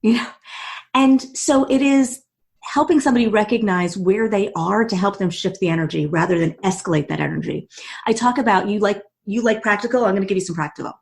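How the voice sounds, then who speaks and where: A woman guest on a podcast interview, telling a personal story with quick bursts, restarts and laughs. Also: mid-range voice, creaky, darkish tone. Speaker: guest, author and CEO.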